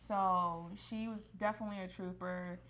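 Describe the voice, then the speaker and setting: A woman in her thirties, co-host of a couple's channel, reminisces with her husband about their wedding in a casual chat. Her lowish, fairly bright voice stays fairly even in intonation at a normal speed. She's talkative and affectionate, laughs often, and sometimes gets emotional.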